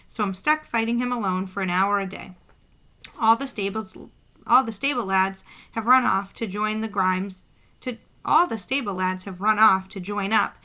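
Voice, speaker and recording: A woman's voice: mid-range voice, sharp tone, natural voice. A woman reading the lines of an injured, well-off English girl who talks frankly and complains at length. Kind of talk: audiobook character voice.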